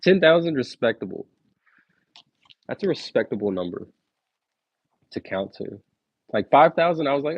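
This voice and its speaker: A man's voice: mid-range voice, very animated, moderate pace, long pauses, no echo. A young man on a casual livestream counting numbers aloud, laid-back and slangy, chatting to viewers between numbers. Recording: dull lo-fi dry stream audio.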